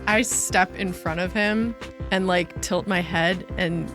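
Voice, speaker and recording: Slow-talking bright woman player. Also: on the low side, steady tone, faint music behind. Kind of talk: tabletop game play.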